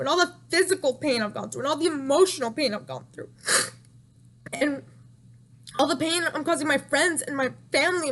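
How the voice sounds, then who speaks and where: Distraught young woman, slightly high voice. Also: a bit bright. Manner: distraught, rambling, repeats herself. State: crying at times. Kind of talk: emotional storytime vlog.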